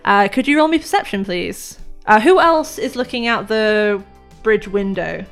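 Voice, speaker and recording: A woman running a tabletop game as game master, narrating scenes in a lively, vivid way and laughing often. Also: medium pitch, a little slow, faint music behind.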